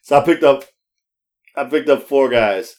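A man co-hosting a podcast shares stories in relaxed chat, his voice medium in pitch and his delivery a little slow. Animated and quick to laugh, he swears freely, restarts often, and voices the people he quotes.

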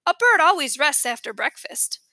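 A woman's voice: high-pitched, big pitch swings, moderate pace, pushed and bright, no echo, studio quality, exaggerated voice. A woman reading aloud, voicing a cheeky, stubborn, imaginative little boy in a storybook. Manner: playful, matter-of-fact, stubborn.

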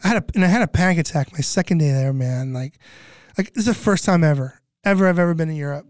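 A man's voice: fairly high pitch, fast, dry recording, clean studio sound. A middle-aged man telling stories casually as a guest, rambling with lots of filler words and restarts, sometimes swearing. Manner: animated, swearing. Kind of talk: casual storytelling.

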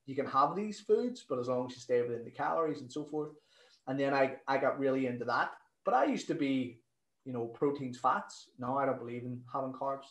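A man talks like a nutrition coach on a podcast, animated and quick to swear as he tells his stories. His voice sits in a middle pitch. The room around him is echoey. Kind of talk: casual podcast interview.

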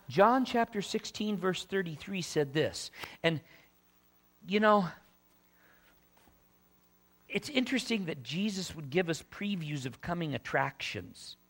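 Slow, emphatic male preacher. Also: high-pitched. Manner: slow, emphatic preaching with drawn-out scripture readings; conversational asides to the congregation. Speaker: pastor. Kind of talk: sermon.

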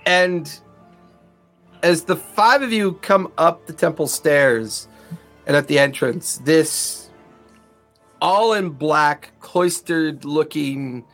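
Slow, gravelly game master man. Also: on the high side, a bit bright, soft background music. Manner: rambling, full of ums and likes. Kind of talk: narrating a tabletop game.

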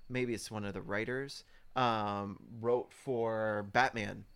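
Man, podcast co-host, gravelly fry, halting delivery with lots of ums. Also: fairly low pitch, fairly even intonation, crowd noise. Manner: hesitant, many ums, looks things up. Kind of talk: casual film review chat.

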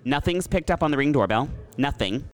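Rambling male podcast host, smooth voice. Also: on the high side, expressive, brisk, faint music behind. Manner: rambling storyteller with restarts. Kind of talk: casual chat.

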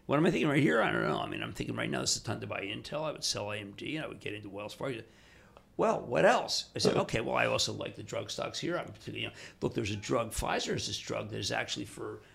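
Gravelly, excitable older man telling stories. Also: medium pitch. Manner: excitable, fast bursts, acts out quoted voices. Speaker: guest, TV financial personality. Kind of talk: animated storytelling in a podcast interview.

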